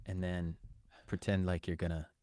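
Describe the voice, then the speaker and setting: A podcast co-host with a low-sitting male voice tells a story in casual conversation at a normal pace, animatedly acting out the quoted lines. The recording is dry and of studio quality.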